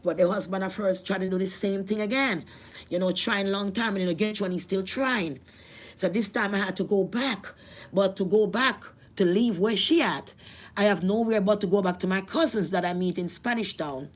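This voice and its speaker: A woman's voice: mid-range voice, moderate pace. A woman with a Jamaican accent telling a personal testimony, emotional and repetitive, with religious appeals. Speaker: vlogger.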